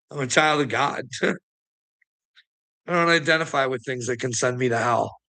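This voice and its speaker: Gravelly, taunting man ranting. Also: medium pitch, slow pace, bright, forceful tone. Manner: taunting, profane, mocking laughs; repeats words for emphasis. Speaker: online commentator. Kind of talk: ranting monologue to camera.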